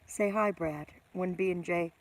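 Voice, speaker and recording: A woman's voice: on the low side, fairly even intonation, a little slow. A middle-aged woman hosting a casual live stream, greeting viewers by name and teasing herself.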